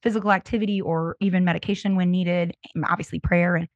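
A woman's voice: lowish voice, steady tone, fast talker, dry recording, highs cut off. Earnest woman in her thirties sharing her story. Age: 30s. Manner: open, earnest, faith-centered storytelling. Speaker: podcast guest. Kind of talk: candid personal testimony.

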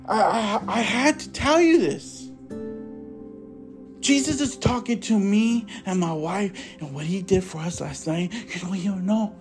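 A man's voice: sits high, measured pace, soft background music. A man preaching with fervor and telling personal testimonies, repeating his praises and calling listeners brothers and sisters. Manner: impassioned, repetitive, addresses listeners as brothers and sisters; conversational storytelling with restarts. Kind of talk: fervent evangelical preaching and testimony.

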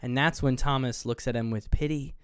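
A man's voice: medium pitch, a little fast, smooth, no room sound. A man with a medium voice recaps a movie on a podcast, jumping into the characters' lines as he goes. The sound is close and dry, with no room around it. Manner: animated retelling, acts out film lines, swears casually. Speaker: podcast co-host. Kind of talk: casual film review chat.

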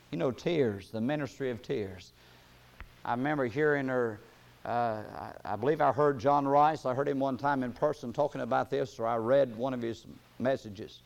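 A man delivers a sermon, reading scripture at a slow pace. His voice climbs to loud, emphatic peaks, then falls back low and soft.

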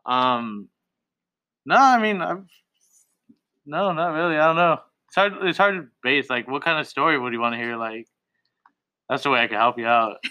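A young man, a tattoo artist appearing as a guest, tells stories for a casual podcast in a laid-back, profane way, laughing a lot. His voice is medium-pitched and pushed and bright, at normal speed with long pauses.

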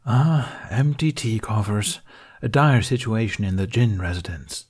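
A man voicing a middle-aged male Jedi master, gentle and dryly witty. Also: lowish voice, lively intonation, slightly rough. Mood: wry. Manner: gentle, wry, measured.

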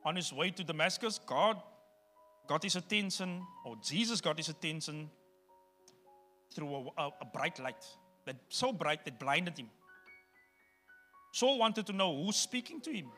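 Pastor, male, high and very bright voice; preaches emphatically and talks right to the congregation. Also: lively intonation, unhurried, pauses often, soft background music. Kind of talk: sermon.

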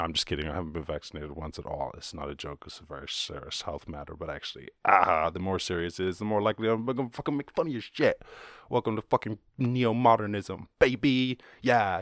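A man's voice: sits low, a bit bright, dry recording, studio quality. An Irish man hosting a podcast, rambling through casual solo commentary, jokey and full of swearing. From Ireland. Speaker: podcast host.

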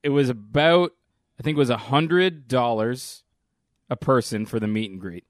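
A man's voice: mid-range voice, normal speed, no echo, clean studio sound. Laid-back man telling a story on a podcast. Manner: laughs often, easygoing storytelling. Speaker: podcast co-host. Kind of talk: casual chat.

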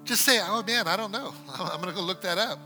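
A man preaching a sermon and telling a story, acting out the dialogue and swinging from loud exclamations to quiet asides. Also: sits high, brisk, faint music behind. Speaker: pastor.

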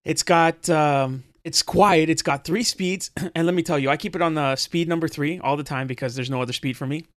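A man's voice: a little high, a little fast, a bit bright, dry recording, clean studio sound. A man co-hosting a podcast in casual chat, laid-back and joking, talking with fillers. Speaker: podcast co-host.

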